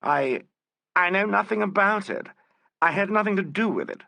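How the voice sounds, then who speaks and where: A man reading as a high, panicky stage actress whose voice leaps wildly as she denies everything. The tone is bright and sharp with a breathy edge, like a scared woman near tears, read close to the mic. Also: huge pitch swings, a little fast, no echo, heavily acted. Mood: defensive. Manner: pleading, denying, near hysterical. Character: frightened theatrical actress woman, shrill. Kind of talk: audiobook character voice.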